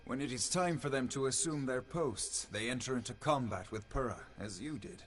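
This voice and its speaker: A man's voice: mid-range voice, normal speed, a bit bright, a little hiss or hum, close to an everyday voice. An actor voicing an ancient male fae guardian in a game, speaking in a formal, stately way. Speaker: quest giver. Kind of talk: game dialogue.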